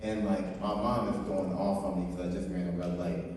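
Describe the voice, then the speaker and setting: A man with a low, mellow voice tells loose, rambling family anecdotes, slipping into quoted dialogue. He sounds far off from the mic, in a big echoey hall. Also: little pitch movement, fairly quick, slight background noise. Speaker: family member sharing memories. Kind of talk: casual storytelling.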